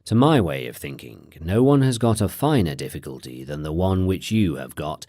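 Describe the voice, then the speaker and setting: A man narrating an audiobook of philosophy in a measured, expressive reading style. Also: deep voice, dry recording, studio quality.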